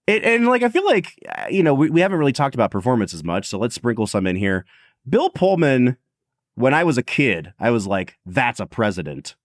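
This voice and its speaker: A man's voice: medium pitch, big pitch swings, a little fast, dry recording, clean studio sound. A man co-hosting a podcast, chatting casually and animatedly about a film, with lots of filler "like". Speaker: podcast co-host. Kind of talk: casual movie discussion.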